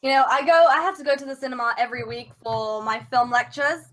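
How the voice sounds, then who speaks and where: A woman's voice: high-pitched, quick pace, fairly bright tone. A young woman from England, a guest on a live web show, answering briefly and matter-of-factly. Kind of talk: casual live chat.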